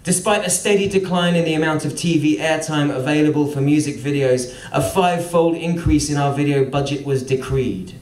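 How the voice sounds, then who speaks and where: A man tells a dry, sardonic story on stage, his voice sitting a little high. The sound is roomy and echoing, with the mic set some way off. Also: fairly quick, hardly any pauses, a little mellow. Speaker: musician telling a story. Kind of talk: spoken-word storytelling. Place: live venue. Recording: roomy venue, mic at a distance.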